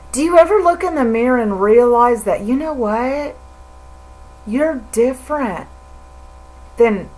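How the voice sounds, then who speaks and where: A woman's voice: high voice, low-quality recording. A middle-aged woman talking straight to the camera in an emotional, rambling religious monologue, stammering and repeating herself as she goes. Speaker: vlogger.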